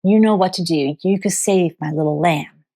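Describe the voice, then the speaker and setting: A woman's voice: fairly low pitch, normal speed, mellow. A woman retelling a pleading little drummer boy.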